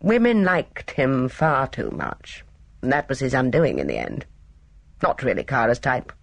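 A gaunt, gruff old woman who runs the house with brisk, fierce scolding, as an audiobook reader acts her out. Her words come clipped and practical, with a gravelly grain. The recording is close and dry. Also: mid-range voice, big pitch swings, no room sound, exaggerated voice. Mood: brusque, scolding. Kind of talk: audiobook character reading.

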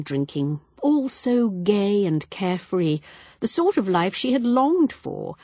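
A woman reading an audiobook in measured, expressive narration. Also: fairly low pitch, no echo. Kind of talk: scripted narration.

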